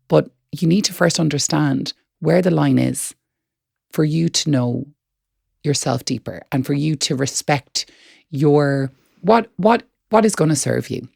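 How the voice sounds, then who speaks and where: Woman cohost, really gravelly voice, earnest and encouraging, dry close mic. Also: sits low, darkish tone, no room sound. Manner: earnest, encouraging, repeats words while thinking. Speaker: podcast co-host. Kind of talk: reflective wellness chat.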